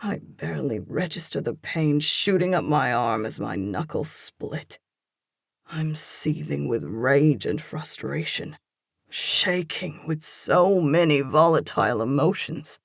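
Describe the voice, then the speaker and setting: An audiobook narrator reading a first-person romance in a slow, intense, hushed delivery. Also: medium pitch, animated, creaky, no echo, clean studio sound.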